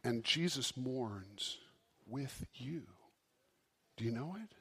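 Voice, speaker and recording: A man preaching a sermon as pastor, impassioned, swinging from loud emphasis down to a soft hush. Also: mid-range voice, expressive, slow pace, husky.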